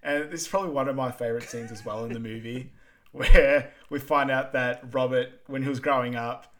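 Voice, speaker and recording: Male co-host, laid-back, filler-heavy, mid-pitched voice. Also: fairly quick. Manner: relaxed, lots of ums, plain storytelling. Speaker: podcast co-host. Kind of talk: casual chat, film rewatch recap.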